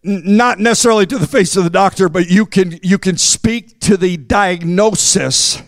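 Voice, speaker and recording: Preacher, male, high gravelly voice, close dry sound, climbs to shouting, "uh" fillers. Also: no echo. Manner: rises to shouting, with jokes and asides to the congregation; fills pauses with "uh". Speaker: pastor. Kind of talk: preaching a sermon.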